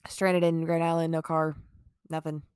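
A woman's voice: low voice, little pitch movement, normal speed, darkish tone, clean tone, no room sound, studio quality. A young woman vlogger telling a casual storytime, rambling with lots of "like" fillers, swearing and laughing between lines.

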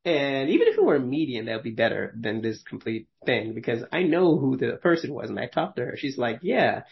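A man's voice: medium pitch, sing-song, a little fast, gravelly, dull audio. A man in his thirties, a podcast host telling stories casually, rambling with many fillers and frequent laughs. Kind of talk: casual conversational storytelling.

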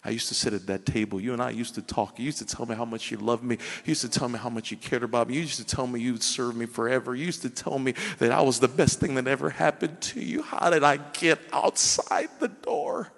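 A pastor speaks as a wounded, patient God, voice dropped low and quiet, pleading to be let in rather than demanding. The sound hangs in a big reverberant hall. A tender male presence. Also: fairly quick, vocal fry, few pauses. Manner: soft and hushed, pleading.

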